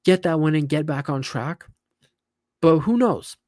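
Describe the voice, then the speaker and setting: A man's voice: a little high, measured pace, no echo. Opinionated man talking football, dry mic. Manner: animated, opinionated, repeats himself. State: tired, yawning. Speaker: football commentator. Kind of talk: casual solo reaction commentary.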